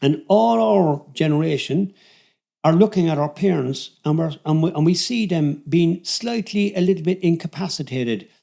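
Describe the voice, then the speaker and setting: A man's voice: on the high side, lively intonation, moderate pace, creaky, warm tone. A man in his seventies with a Cork Irish accent, telling his story casually as a podcast guest, rambling and restarting his sentences. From Ireland. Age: 70s. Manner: rambling, self-interrupting, friendly. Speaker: podcast guest, fitness coach.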